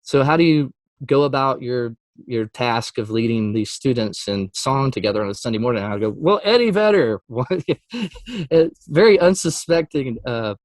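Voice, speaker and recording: This mid-pitched man, a Christian music artist, shares a story in a relaxed interview, acting out every quote with leaps in pitch and frequent laughter. The recording is dry and close.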